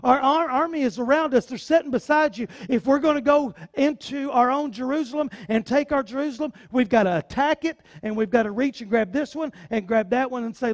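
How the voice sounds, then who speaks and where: A man's voice: very high-pitched, brisk, hardly any pauses. A male pastor preaching a sermon, fervent and repetitive, with folksy sayings.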